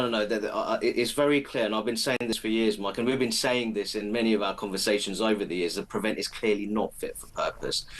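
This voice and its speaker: A man with a low voice joins a live radio talk show as a political commentator. He speaks in a measured, earnest way, setting out his points one by one. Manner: measured, earnest, builds arguments step by step.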